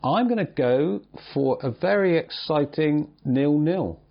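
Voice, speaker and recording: A man's voice: a little high, measured pace, creaky. A man hosting a casual football predictions chat, steadily going through fixtures and asking his co-host's picks. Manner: steady, runs the fixtures list, asks questions. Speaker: host of football predictions show. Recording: slightly dull lo-fi sound.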